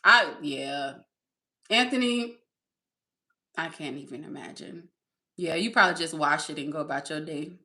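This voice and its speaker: Speaking at a moderate pace with frequent pauses, a woman with a deep but pushed, bright voice chats on a live stream. She rambles, reads comments aloud, laughs a lot, and addresses everyone as "y'all."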